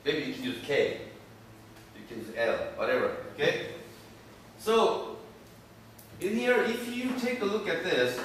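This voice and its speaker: A male professor lectures in short, halting phrases, often pausing to check in with the class. His voice sits a little high and moves unhurriedly. He is picked up from a distance in a very echoey room with faint background noise. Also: sing-song. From South Korea. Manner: halting, repetitive phrasing with frequent "okay?" checks. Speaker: university professor.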